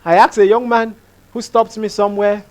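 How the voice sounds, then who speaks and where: A man's voice: sits high, flat delivery, normal speed. A male pastor, preaching a sermon emphatically, repeating phrases and asking rhetorical questions.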